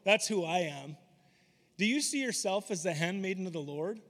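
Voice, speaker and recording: Animated male preacher in a reverberant hall. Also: moderate pace. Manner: animated, acts out scripture voices with rising pitch and emphasis. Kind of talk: sermon.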